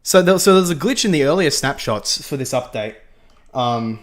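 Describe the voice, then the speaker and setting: In a medium-pitched voice with lively intonation and a moderate pace, a young host chats through his gaming livestream. He wanders from point to point, says the same things again, and laughs a lot.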